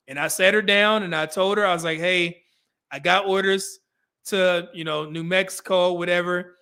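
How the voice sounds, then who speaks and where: A middle-aged man hosts a casual livestream chat in a high, bright voice. He tells stories animatedly, acts out the lines he quotes, and laughs often. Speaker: podcast host.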